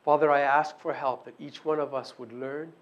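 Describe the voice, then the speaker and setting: A man preaching a sermon and praying, earnest, moving between hushed prayer and emphatic, repeated declarations. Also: a little high, fairly even intonation, normal speed, muffled recording. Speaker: pastor.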